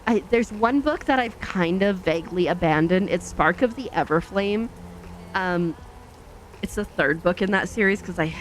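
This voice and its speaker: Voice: medium pitch, a bit bright, slight background noise. Rambling, chatty gameplay host. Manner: rambling and chatty, many fillers and self-corrections; acts out own past thoughts in quoted asides. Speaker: gaming channel host. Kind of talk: casual chat while playing a truck driving game.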